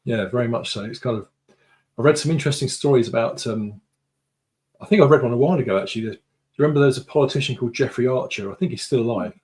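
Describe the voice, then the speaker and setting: Male guest from the UK, mid-pitched, relaxed anecdotal delivery on a video call. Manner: chatty storytelling, unhurried. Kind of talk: casual conversation.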